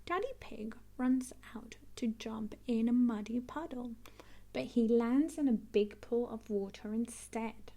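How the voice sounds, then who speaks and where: A woman reading a children's picture book aloud, expressive and clear. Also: on the high side. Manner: animated, expressive, slow and clear. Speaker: storybook reader. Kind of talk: read-aloud children's storytelling.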